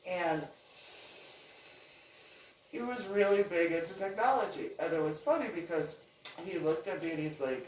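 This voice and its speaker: A woman's voice: on the low side, moderate pace, pauses often, darkish tone. Laughing, rambling woman, distant and roomy. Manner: rambling, laughs often, acts out quoted people. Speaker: channel host. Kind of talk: casual storytelling monologue. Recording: roomy echo, distant from mic, faint background noise.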